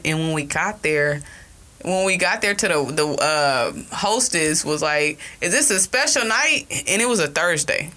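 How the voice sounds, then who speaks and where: A woman chatting casually on a podcast, telling a story in an animated way, laughing often and swearing freely. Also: lowish voice. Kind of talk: casual chat.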